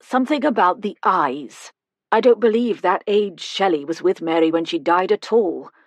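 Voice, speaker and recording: Woman narrator doing an opinionated, sharp-eyed female friend in a storybook. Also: on the low side, animated, normal speed, dry recording. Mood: shrewd.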